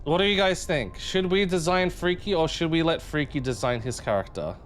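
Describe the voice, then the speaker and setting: A man's voice: a little high, moderate pace, slight background noise. A man streaming a game live, chatting casually and playfully with viewers and humming tunes between remarks. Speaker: livestreamer.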